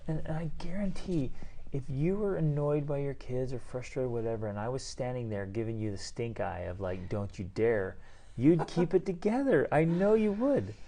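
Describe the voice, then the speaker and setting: A man's voice: medium pitch, lively intonation, moderate pace, mellow. A man in his forties co-hosting a casual parenting podcast. He talks bluntly and with emphasis, and acts out other people's voices in his stories. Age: 40s. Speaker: podcast co-host. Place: hotel room.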